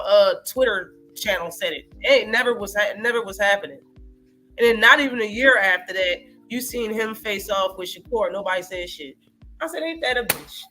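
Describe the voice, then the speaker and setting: Brief: high, bright-voiced man, streaming host, animated and profane, faint music behind. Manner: animated, profane, reacts to live chat. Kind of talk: casual live-stream boxing talk.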